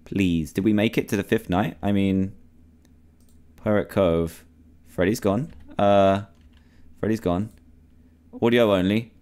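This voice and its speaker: A man's voice: lowish voice, steady tone, unhurried, long pauses, a little mellow, smooth. A man commentating on a horror game, panicky and pleading, repeating himself as he talks to himself. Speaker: gamer.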